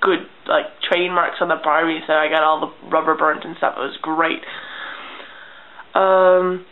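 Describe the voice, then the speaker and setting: A young woman vlogger telling childhood stories in a casual, deadpan way, acting out little scenes. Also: mid-range voice. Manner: chatty, deadpan humor, acts out childhood scenes. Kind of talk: casual storytelling vlog. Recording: tinny lo-fi webcam audio.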